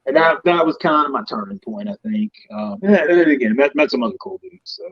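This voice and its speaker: A man's voice: a little high, lively intonation, fast, husky. A man with a Southern accent, a guest knight in casual chat, talking bluntly and profanely with lots of energy. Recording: dull lo-fi sound.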